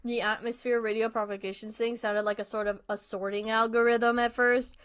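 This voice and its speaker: A woman's voice: a little high, level tone, brisk, heavy background noise. A young woman streaming a horror game. She reads the on-screen text aloud and rambles in a casual, self-deprecating way while eating dinner.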